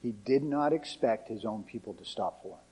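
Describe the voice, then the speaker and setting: A man's voice: fairly low pitch, animated, moderate pace, dark tone, husky. A male pastor preaching a sermon in a conversational, emphatic way.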